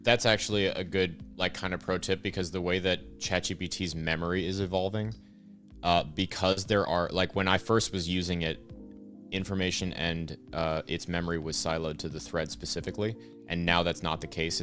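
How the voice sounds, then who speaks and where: Deep-voiced laid-back man. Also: fairly bright tone. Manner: rambling, laid-back, swears casually. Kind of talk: casual chat.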